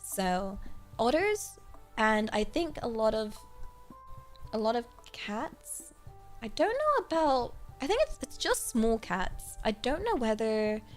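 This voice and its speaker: A woman chatting casually on her livestream, rambling with many fillers and giggling often. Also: a little high. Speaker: streamer.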